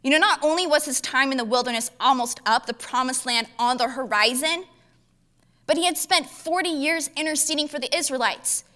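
A woman preacher teaching a Bible passage in a lively, conversational, humorous way. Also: sits high, a little fast.

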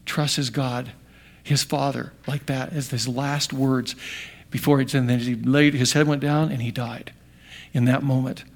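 A middle-aged man preaching a sermon to fathers, building to loud emphasis and then dropping to a hush. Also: mid-range voice, flat delivery, measured pace. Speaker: pastor.

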